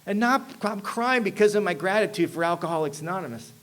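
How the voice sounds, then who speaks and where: A man's voice: sits high, quick pace. A man telling his personal recovery story to an audience as a convention speaker, acting out the dialogue and often checking in with his listeners. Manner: animated storyteller who acts out dialogue and keeps asking "you know what I mean".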